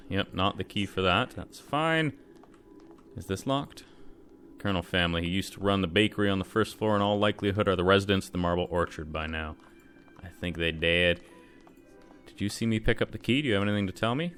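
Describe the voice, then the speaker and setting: A man's voice: sits low, normal speed, a bit bright, clean tone. A man hosting a let's play, giving rambling, self-deprecating commentary over the game. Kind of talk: casual gameplay commentary.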